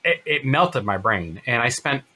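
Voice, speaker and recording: A man in his fifties, an interview guest telling a personal story in an earnest, halting way. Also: medium pitch, animated, pushed and bright, husky. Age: 50s. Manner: earnest, halting, many fillers and restarts.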